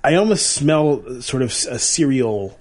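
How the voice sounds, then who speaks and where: A man's voice: medium pitch, expressive, a little slow, darkish tone. A man co-hosting a podcast in an easygoing way, casually describing beers and reading out their stats in a matter-of-fact tone. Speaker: podcast co-host. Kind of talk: casual beer-tasting chat.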